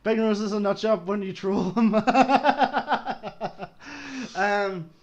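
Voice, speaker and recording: A man's voice: high-pitched, extremely slow, highs cut off. An Irish man co-hosting a casual streamed chat, laughing often and swearing freely as he rambles. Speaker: streamer co-host.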